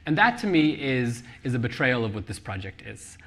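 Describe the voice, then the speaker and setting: A man talking about his novel on stage at a live book event, animated and quick to laugh, with many restarts. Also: medium pitch. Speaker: author discussing his novel. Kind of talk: live onstage book talk. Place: live event venue with audience.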